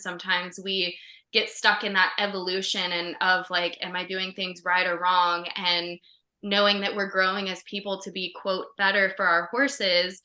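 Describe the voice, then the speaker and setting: A woman's voice: medium pitch, bright, forceful tone, reverberant. A woman co-hosting a podcast, chatting in a heartfelt way with lots of fillers over a video call. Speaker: podcast co-host. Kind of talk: casual podcast chat.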